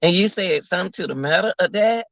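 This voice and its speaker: A man's voice: high-pitched, fast, fairly bright tone, no room sound. A man giving casual live commentary to his viewers from work, sounding incredulous and repeating his phrases as he talks to the audience. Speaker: commentary vlogger. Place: at work, away from home. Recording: dull lo-fi audio.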